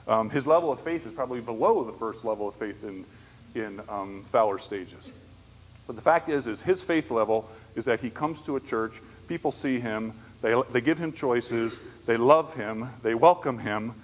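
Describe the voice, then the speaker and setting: Man, mid-pitched voice, conference speaker, conversational storytelling, long hall reverb. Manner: conversational, storytelling with frequent "right?" asides. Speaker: speaker on disability ministry. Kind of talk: church conference lecture. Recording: echoey hall, faint background noise.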